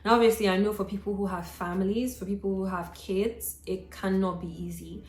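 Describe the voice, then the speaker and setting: A woman's voice: medium pitch, steady tone, a little fast, darkish tone. A young adult woman vlogging to camera, chatty and encouraging, talking straight to her viewers like a friend. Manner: chatty and encouraging, addressing viewers directly as girl and sis. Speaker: lifestyle vlogger. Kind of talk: casual talk to camera. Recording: roomy echo with faint music.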